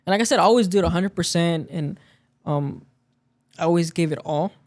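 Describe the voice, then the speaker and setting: A man's voice: on the high side, fairly quick. A man in casual podcast chat, telling a story about work and acting out the quoted lines of the people in it. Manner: storytelling, acts out quoted dialogue. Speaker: podcast guest.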